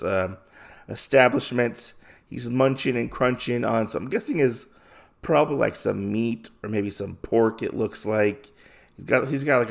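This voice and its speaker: A man's voice: medium pitch, creaky. A man hosting a podcast, casually recapping a comic in a rambling way with lots of fillers. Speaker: podcast host.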